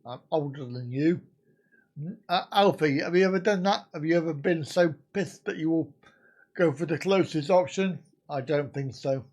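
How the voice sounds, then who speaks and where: A man's voice: fairly high pitch, normal speed, a little mellow. A man in his fifties from the UK, hosting a casual live stream and bantering crudely with his viewers. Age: 50s.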